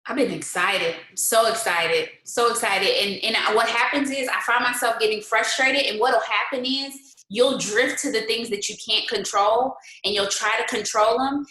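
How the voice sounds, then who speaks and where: A motivational host with a high, pushed, bright voice speaks at home during a casual live-stream pep talk, firing rhetorical questions and mixing faith-based encouragement with colloquial asides and frequent laughter. The audio is poor and reverberant.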